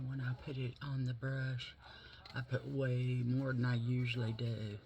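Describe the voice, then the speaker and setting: A man talks through his makeup routine in a slow, meandering way, drifting between stories and product chatter. He swears without fuss and drops to a whisper for little asides, his voice sitting at an everyday middle pitch. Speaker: makeup vlogger. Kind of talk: casual chat while doing makeup.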